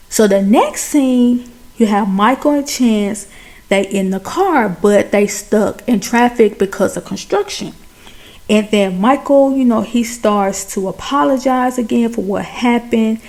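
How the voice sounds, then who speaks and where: Gravelly woman recapping a film. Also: medium pitch, darkish tone. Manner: chatty, colloquial, dramatic retelling. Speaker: film reviewer.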